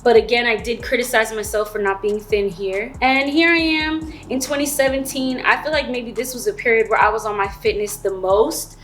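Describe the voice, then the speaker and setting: A woman's voice: on the high side, a bit bright, slight background noise. A woman in her thirties telling her own story in a candid, chatty vlog, with slangy asides to the viewer. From Florida. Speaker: vlogger.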